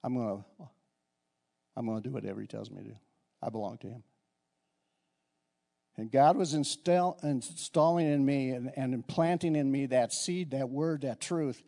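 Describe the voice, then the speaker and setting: A man's voice: medium pitch, normal speed, vocal fry, long pauses, dark tone. A middle-aged man preaching a conversational sermon in a church, often repeating and restarting his words. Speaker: pastor.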